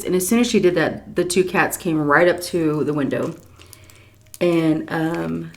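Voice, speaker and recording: A woman telling a long story casually while eating on camera, animated, often jumping into high voices for quotes and dropping to soft whispers between bites. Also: measured pace, creaky. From Texas. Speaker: mukbang storyteller.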